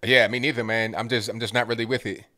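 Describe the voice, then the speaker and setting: A man's voice: mid-range voice, fairly even intonation, fast, bright, forceful tone. Laid-back man co-hosting a chat. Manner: laid-back, agreeable, repeats words. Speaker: co-host. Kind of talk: casual political chat.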